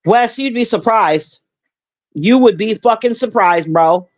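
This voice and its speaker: This female streamer has a medium-pitched, darkish voice and an animated but measured delivery. In a casual rant while reading chat, she's profane and blunt with her viewers, sighing between points.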